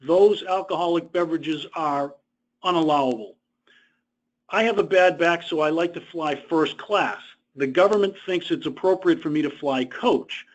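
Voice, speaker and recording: A man's voice: a little high, normal speed. A man presenting a webinar lecture in a conversational way, explaining rules through personal stories. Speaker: presenter on government contract costs. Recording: dull lo-fi webinar audio.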